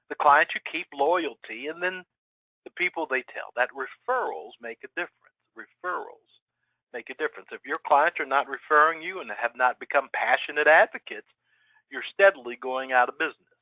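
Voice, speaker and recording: A middle-aged man giving a webinar presentation to financial advisors, energetic and full of rhetorical questions. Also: medium pitch, dry recording, rough recording. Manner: energetic, rhetorical questions, acts out quoted clients.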